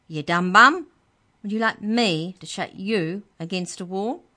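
A woman voicing a rude, squeaky little male book elf who shrieks insults. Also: measured pace, pushed and bright. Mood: insulting. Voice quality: high and squeaky.

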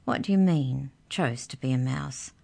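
Storybook boy, jittery and hushed, voiced by a woman narrator. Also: a bass voice, normal speed, gravelly, heavily acted. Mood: nervous. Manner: anxious, whispering. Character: nervous timid young boy.

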